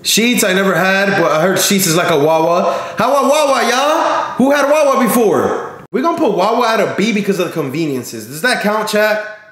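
A man's voice: sits high, expressive, normal speed, a bit bright, reverberant. A man live streaming in casual chat, slangy and talking straight to his viewers, often repeating himself.

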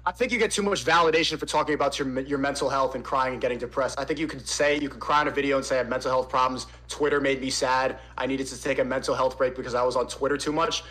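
A man's voice: medium pitch, steady tone, fast talker, few pauses, sharp tone. A young man streaming, talking casually and emotionally in a rambling way, full of fillers.

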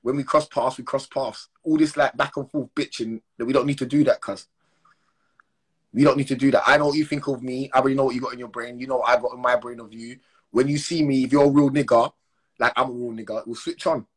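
Fast and slightly rough, an Instagram live streamer's mid-range voice holds a steady tone as he rants from his phone. He's heated and slangy, calling people out again and again in confrontational fashion.

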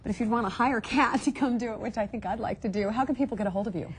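A woman's voice: on the high side, very fast, a little hiss or hum. A woman hosting a daytime TV segment, upbeat and asking questions to follow along. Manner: upbeat, asks clarifying questions. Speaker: TV show host.

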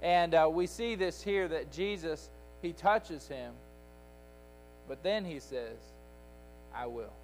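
In a church sanctuary, a man delivers a Sunday school lesson as a sermon, building each point with emphatic repetition. His voice is a little high for a man and he speaks slowly, while faint music hums beneath the poor audio.

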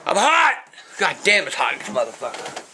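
An older man ranting loudly at home, shouting and cursing in a profane home-video tirade. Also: sits high, huge pitch swings, a little fast, a little hiss or hum. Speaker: grandfather ranting on camera. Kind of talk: casual home video rant.

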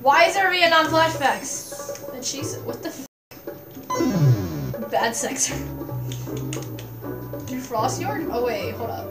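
A young woman streamer with a high, lively voice who keeps up profane, bemused commentary while she plays. She sounds a little distant in a roomy space, with loud game music playing underneath. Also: slow pace, long pauses. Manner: profane, bemused running reactions. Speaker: gaming streamer. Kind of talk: casual gameplay commentary.

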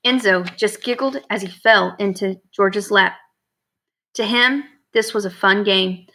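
A woman narrating a storybook in a clear, steady reading voice. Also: medium pitch, unhurried. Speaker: audiobook narrator.

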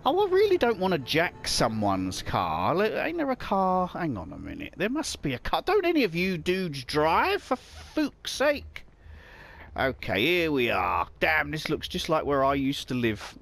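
A man's voice: mid-range voice, vocal fry, a bit bright. A man casually commenting on his own gameplay, muttering to himself and swearing often. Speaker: let's play gamer.

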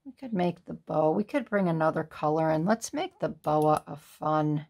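A woman's voice: sits low, animated, normal speed, gravelly, darkish tone. A woman hosting a card-making tutorial, thinking aloud in a casual, musing way as she works. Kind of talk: casual crafting tutorial talk.

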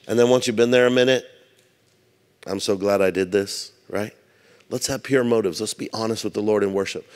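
A man's voice: fairly low pitch, normal speed. Male pastor, casual storytelling sermon with jokes, reverberant church hall. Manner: conversational preaching, humorous asides.

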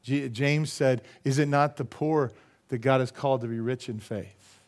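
A man's voice: mid-range voice, fairly even intonation, normal speed. A middle-aged man preaching a sermon as pastor, emphatic and full of rhetorical questions to the congregation.

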